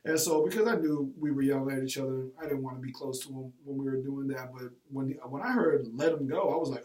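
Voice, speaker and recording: A man, a teacher and former coach, telling a personal story in a colloquial, animated way, acting out quoted lines. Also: medium pitch, quick pace, few pauses. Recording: roomy sound from a distant mic.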